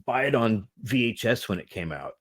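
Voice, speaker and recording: Man, forties, movie podcast co-host, casual chat, swears a lot, pitch swings up and down. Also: moderate pace. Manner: animated, swears freely, laughs often.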